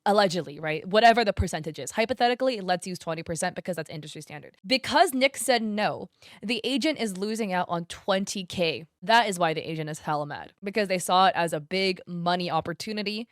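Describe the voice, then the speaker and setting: A woman's voice: fairly low pitch, animated, a little fast. A woman content creator talking straight to her viewers in a loose, chatty commentary, filler words and mild swearing scattered throughout. She has a crunchy way of shaping her words. The sound is close and dry, with no room echo. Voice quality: crunchy enunciation. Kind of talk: casual commentary vlog.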